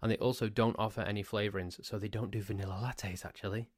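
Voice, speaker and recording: Solo podcast host, man with a Cheshire English accent, pedantic rambling talker, fairly low voice. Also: steady tone, quick pace, no echo, studio quality. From Cheshire, England. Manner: rambling, pedantic, ranting asides. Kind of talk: casual solo podcast monologue.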